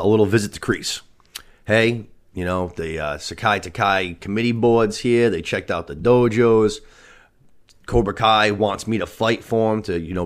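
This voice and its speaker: A man hosting a podcast, recapping a TV season in casual, profane chat full of "you know what I mean". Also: on the low side. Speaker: podcast host.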